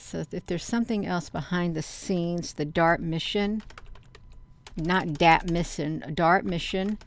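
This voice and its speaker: A woman's voice: on the low side, gravelly. A woman chatting casually to her viewers, rambling through online rumors with lots of fillers, calling them "you all.". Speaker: vlogger.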